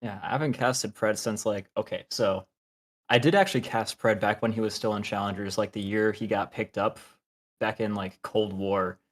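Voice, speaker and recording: A man co-casting an esports match, calling the action with excitement and chatting casually in between. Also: lowish voice, moderate pace. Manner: excited play-by-play, easygoing in chat. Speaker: esports co-caster. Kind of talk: play-by-play commentary and casual chat.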